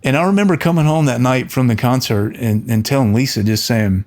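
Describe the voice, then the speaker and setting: Middle-aged guy chatting to camera, earnest storyteller, mid-pitched voice, trips over his words a bit. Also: a little fast, few pauses. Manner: earnest, storytelling, with frequent restarts and animated quoted voices. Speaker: audio engineer and channel host. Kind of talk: casual talk to camera.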